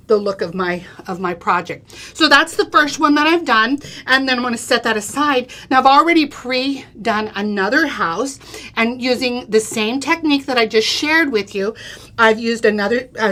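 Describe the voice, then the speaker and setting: A woman's voice: fairly high pitch, fairly bright tone. A middle-aged woman giving a chatty, step-by-step craft demonstration on a live show, checking in with "okay?" and "right?". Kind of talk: live craft product demo.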